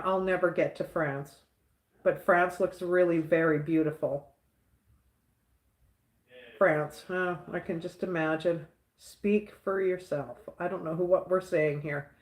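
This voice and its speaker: Woman livestream host, casual chat, slow unhurried delivery, frequent chuckles, roomy echo. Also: lowish voice, fairly even intonation. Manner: chuckles often, repeats catchphrases.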